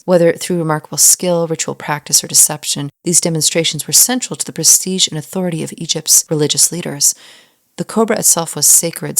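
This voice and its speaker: Low-voiced woman teaching Bible history. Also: no room sound, clean studio sound. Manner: explanatory, with wry humorous asides. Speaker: podcast host teaching on the Bible. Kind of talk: scripted teaching podcast with read-out quotes.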